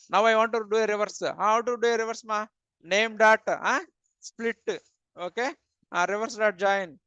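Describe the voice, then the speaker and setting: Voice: medium pitch, fairly bright tone, clean tone, no room sound. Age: adult. Role: programming instructor. Style: live coding class. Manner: quizzes the class, answers itself, says "okay" a lot. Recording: dull, dry, lo-fi. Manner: asks the class questions and answers them, frequent "okay"; plain repetitive wording, many "uh" fillers.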